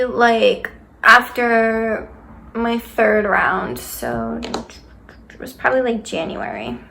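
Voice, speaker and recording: A woman's voice: on the high side, gravelly, pushed and bright, a little hiss or hum. A young woman talking candidly in a casual vlog, rambling with lots of fillers and swearing freely. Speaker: vlogger.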